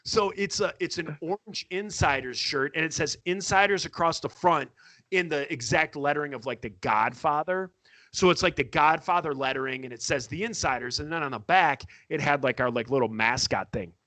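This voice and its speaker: Bright-voiced man telling a story. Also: on the high side, moderate pace, dry recording. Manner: animated, acts out quotes with laughter. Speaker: podcast guest storyteller. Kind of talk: casual storytelling.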